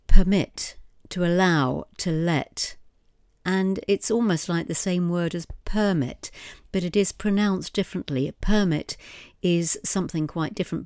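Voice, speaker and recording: Woman teaching vocabulary, low voice. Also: no echo, studio quality. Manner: steady, explanatory, repeats words slowly, spells letters. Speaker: podcast host, English teacher. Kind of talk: vocabulary lesson, spelling out words.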